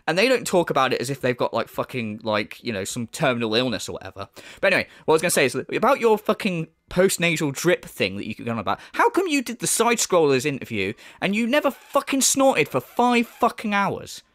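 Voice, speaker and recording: A man rants in angry commentary, swearing and mocking in a high, swooping voice. The sound is close and dry. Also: very animated, a little fast, a bit bright, no echo. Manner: heated, profane, sarcastic ranting. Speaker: YouTube commentator.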